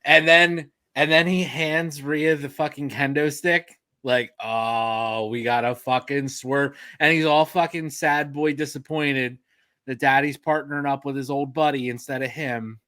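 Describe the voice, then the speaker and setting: A man's voice: mid-range voice, fairly even intonation, measured pace, bright, forceful tone, no echo. A man co-hosting a casual wrestling podcast with crude, profane banter. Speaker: podcast co-host.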